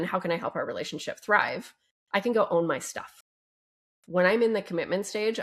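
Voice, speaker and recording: Upbeat lady relationship coach on a podcast, kinda low voice, really expressive. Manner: upbeat and expressive, fond of gentle emphasis. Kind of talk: podcast interview guest.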